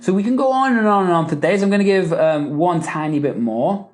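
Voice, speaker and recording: A man's voice: sits high, fairly quick. A man hosting a live Q&A session, teaching persuasive phrasing and acting out example lines with emphasis, often chuckling and checking in with "right?" and "okay?". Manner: animated, acts out example lines with rising and falling emphasis; frequent "right?" and "okay?" tags, chuckles between points. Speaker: podcast host and coach.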